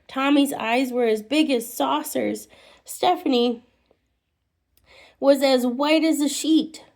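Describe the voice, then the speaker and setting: A woman reads a spooky children's story aloud in an expressive storytelling voice. She reads slowly, with small slips and restarts. Her voice sits a little high. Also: vocal fry. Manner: expressive, with restarts and muttered asides.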